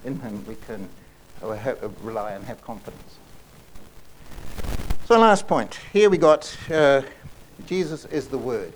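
A man preaching a sermon in an earnest way, often repeating and restarting phrases and slowing down to stress key lines. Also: medium pitch, slight background noise. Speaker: pastor.

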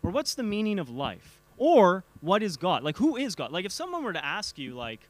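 Man, casual church teacher, stammering restarts, engages the audience, voice on the high side. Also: wildly swooping pitch, no echo. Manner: halting, repeats words, asks the audience questions.

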